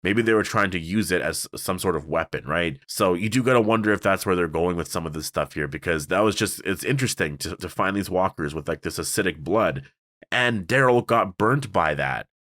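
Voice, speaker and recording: A man's voice: low voice, fairly quick, fairly bright tone, no echo, studio quality. A man casually reviewing a TV episode on his own, rambling with many fillers and restarts. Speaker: TV show reviewer.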